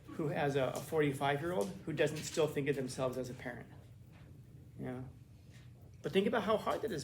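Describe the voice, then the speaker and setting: A man's voice: a little high, slight background noise. A male teacher giving a casual classroom lecture, acting out quotes with lots of restarts. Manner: casual, animated, acts out quotes with frequent restarts.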